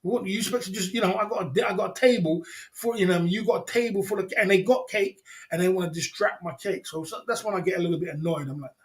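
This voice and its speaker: Rambling male livestream host, higher voice. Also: quick pace. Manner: rambling, repeats himself, chuckles, addresses chat viewers by name. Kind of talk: casual livestream chat.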